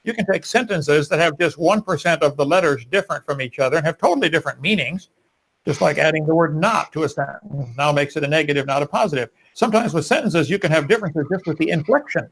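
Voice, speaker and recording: A man's voice: on the high side, animated, fast talker, fairly bright tone. A man making emphatic, preachy arguments in a live debate.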